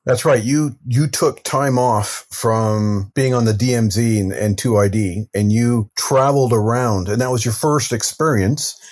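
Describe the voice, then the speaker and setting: A man's voice: mid-range voice, unhurried, few pauses, darkish tone. A man in his fifties hosts an interview podcast with a mid-range voice. He asks his guest questions in a friendly, easy conversational tone. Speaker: podcast host. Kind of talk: casual interview chat.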